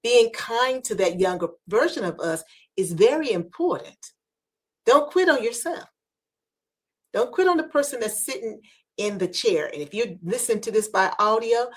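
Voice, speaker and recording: A woman podcast host giving motivational talk in an earnest, preacherly way, repeating key phrases for emphasis. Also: a little high.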